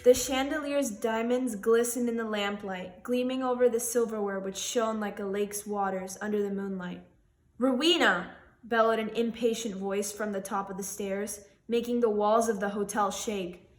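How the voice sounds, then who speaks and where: A woman's voice: mid-range voice, moderate pace, reverberant, faint music behind. A young woman, a student author, introduces herself and reads her own short story aloud, giving the characters voices. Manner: expressive reading, voicing characters.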